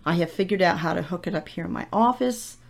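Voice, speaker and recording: A woman's voice: lowish voice, quick pace, vocal fry. Chatty middle-aged woman hosting a podcast. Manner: chatty, self-mocking storyteller. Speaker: podcast host. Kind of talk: casual solo podcast monologue. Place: home office. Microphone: desk podcast microphone.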